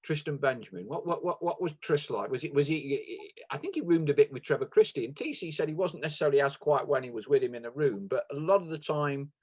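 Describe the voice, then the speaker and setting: Man, podcast host, halting filler-heavy questions, lively intonation. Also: a little high, breathy edge. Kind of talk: casual interview.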